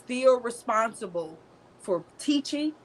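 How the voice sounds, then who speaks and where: A woman's voice: fairly high pitch, expressive, slow. A woman co-hosting a casual faith chat, speaking emphatically and driving her points home by repeating short, punchy phrases.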